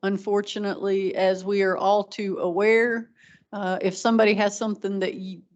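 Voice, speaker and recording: A woman chairs a community meeting in a flat, even voice, pausing on ums as she works through practical reminders. The recording is dull and lo-fi. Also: medium pitch. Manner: practical, with frequent ums and restarts. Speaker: meeting organizer. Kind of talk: running a public meeting.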